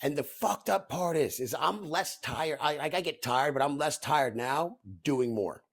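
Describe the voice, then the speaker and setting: A man's voice: a little high, expressive, unhurried, gravelly. A man in his thirties hosting a casual podcast chat, talking frankly and reflectively and swearing freely. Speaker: podcast host.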